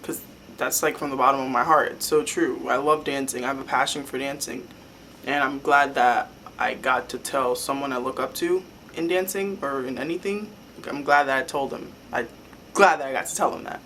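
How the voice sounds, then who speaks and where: A young woman telling a story to her vlog camera in a rambling, excitable way, full of "like" fillers. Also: a bass voice, normal speed, slight background noise. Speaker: vlogger. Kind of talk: casual fan storytelling.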